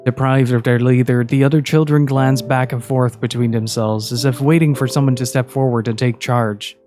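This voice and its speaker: A man reading a story aloud in a steady, measured narration. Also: medium pitch, soft background music.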